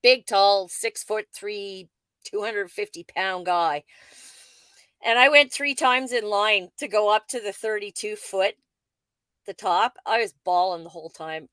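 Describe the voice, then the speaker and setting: A woman's voice: medium pitch, no echo. A woman co-hosting a veterans' podcast, telling stories in casual conversation and laughing often. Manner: animated storyteller, laughs often.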